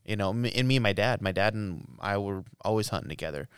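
A man in his thirties telling a hunting story in casual podcast chat, animated, laughing often and swearing freely. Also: lowish voice, quick pace, smooth, dry recording, clean studio sound. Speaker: podcast co-host.

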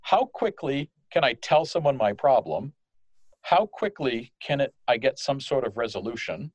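Animated French-born man explaining. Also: medium pitch, moderate pace, no echo, lo-fi sound. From France. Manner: animated, explanatory, acts out quoted phrases. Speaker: guest, customer service manager. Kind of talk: conversational interview.

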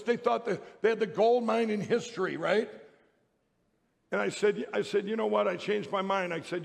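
A man's voice: high voice, vocal fry. A man giving a speech to an audience, telling a rambling, emphatic story with many restarts. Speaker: public speaker. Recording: long hall reverb.

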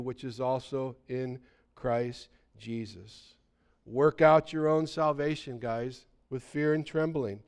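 A man preaching a sermon, asking his listeners pleading questions and telling stories with lively energy. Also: fairly high pitch, clear, resonant tone. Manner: animated storytelling, pleading questions. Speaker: pastor.

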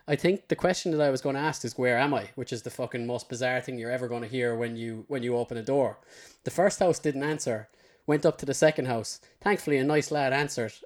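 A man chatting as a podcast guest, with an ordinary mid pitch. He tells his tale loosely and swears freely. When he quotes his past self, he drops into a low mutter. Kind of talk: casual storytelling chat.

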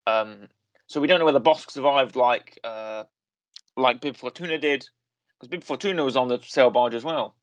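A man's voice: medium pitch, moderate pace, no room sound. Rambling man co-hosting a podcast. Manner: rambling, self-correcting, full of fillers. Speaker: podcast co-host. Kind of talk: casual chat reviewing a series.

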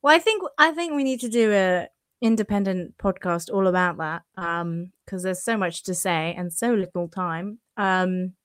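A woman's voice: fairly low pitch, normal speed, no room sound, studio quality. A woman co-hosting a podcast in casual chat, hesitant with many restarts and frequent laughter. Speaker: podcast co-host.

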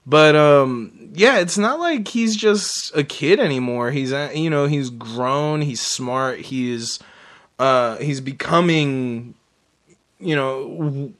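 A man's voice: mid-range voice, slow pace, a bit bright. A man co-hosting a casual movie podcast, breaking into laughter often and swearing freely. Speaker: podcast co-host.

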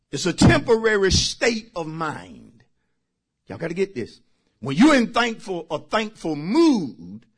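Pastor, high lively delivery, preaches hard and calls out to the congregation. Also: male voice, slightly rough. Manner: emphatic preaching with sudden shouted bursts; talks directly to the congregation. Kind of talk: sermon.

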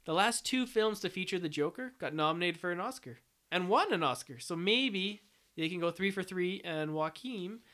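Bright high-voiced male co-host. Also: normal speed. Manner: joking, relaxed, lots of fillers like "like" and "uh". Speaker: podcast co-host. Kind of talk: casual chat.

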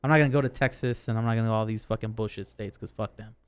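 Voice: mid-range voice, fairly even intonation, racing, clean tone. A podcast co-host from California ranting in a heated, profane way during casual chat.

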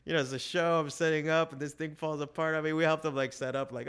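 A man, a comic shop owner guest, talking in a rambling, profane, animated casual chat full of fillers. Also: on the high side, very fast, clean tone.

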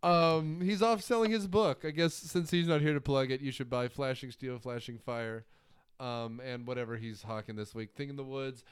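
A man's voice: medium pitch, steady tone, moderate pace, clean tone. A man co-hosting a casual movie-review podcast, joking and rambling, often laughing. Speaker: podcast co-host.

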